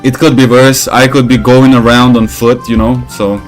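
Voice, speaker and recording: A man talking through a gameplay session in a loose, rambling way, full of swearing. His voice sits at an average pitch for a man, and he gets worked up and animated whenever he goes off on a story. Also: normal speed, faint music behind. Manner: rambling, profane, gets animated telling stories. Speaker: gaming channel host. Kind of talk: casual gameplay commentary.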